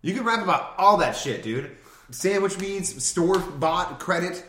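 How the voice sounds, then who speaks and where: A man co-hosting a casual comedy podcast, goofy and quick to laugh, swearing freely. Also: sits high, lively intonation, fairly bright tone. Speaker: podcast co-host. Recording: roomy echo.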